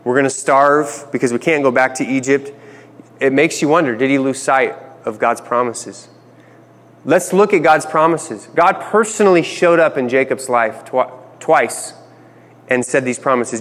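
A man's voice: mid-range voice, unhurried, fairly bright tone, big-room sound. A man preaching a sermon, reading scripture and acting out the characters in playful asides. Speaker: pastor.

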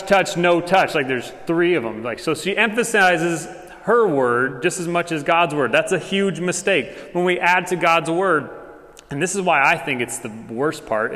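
A pastor delivers a sermon in a relaxed, chatty style packed with fillers and quick asides. His voice is a bit high for a man, and the audio has a long church-hall echo.

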